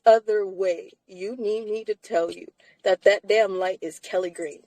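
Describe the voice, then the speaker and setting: A woman's voice: medium pitch, fairly even intonation, a little slow, warm tone, no echo, poor audio. A tired woman co-hosting a live-stream chat, emphatic and repetitive, swearing freely. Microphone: streaming mic.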